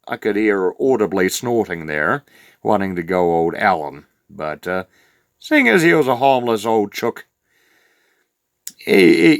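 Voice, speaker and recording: Voicing a crude old rural farmer from Southland, New Zealand, a man with a voice on the low side tells a comic, rambling yarn in a meandering drawl peppered with "uh." It's a clean studio recording without echo.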